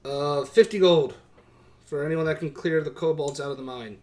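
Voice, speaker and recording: A man voicing a male town crier who reads out a notice, pausing as he shuffles papers. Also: on the high side, a little mellow, natural voice. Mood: announcing.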